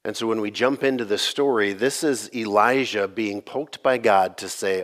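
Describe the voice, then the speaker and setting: A man, a pastor, giving a sermon in a casual, joking, conversational way, his voice slightly gravelly from allergies. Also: fairly low pitch, moderate pace, hardly any pauses, fairly bright tone.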